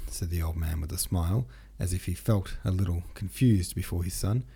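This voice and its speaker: A man narrating a classic novel in a low, husky voice with a dark, mellow tone. His reading is steady and unhurried, with the occasional small slip corrected on the spot. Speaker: audiobook narrator. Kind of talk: scripted narration.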